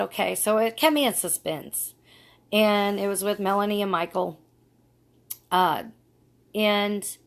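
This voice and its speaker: A woman's voice: medium pitch, fairly bright tone. Earnest middle-aged woman telling her story. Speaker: vlogger. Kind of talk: casual personal story vlog.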